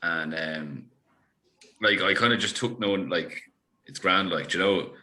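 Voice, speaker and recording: An Irish man, a podcast guest, telling a story in casual chat with animated, laughing delivery. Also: low voice, measured pace. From Ireland.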